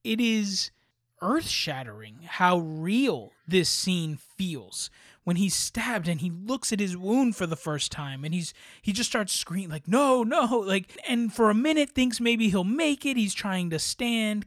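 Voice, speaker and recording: A man's voice: sits high, sing-song, unhurried, dry recording. Earnest man praising film acting, dry sound. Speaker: podcast co-host. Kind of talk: casual film review chat.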